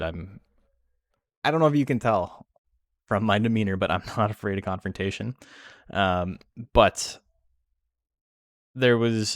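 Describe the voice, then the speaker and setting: A young man with a deep voice hosts a game tournament stream, chatting casually in a profane, rambling manner between play-by-play calls. The sound is clean studio quality with no echo.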